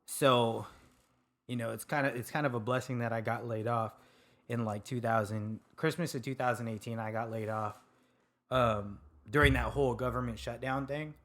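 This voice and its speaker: A man from Sacramento, a podcast guest telling his story in relaxed, casual chat and swearing now and then. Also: medium pitch, normal speed. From Sacramento, California. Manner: laid-back, laughs often, swears casually. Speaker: podcast guest, food truck owner.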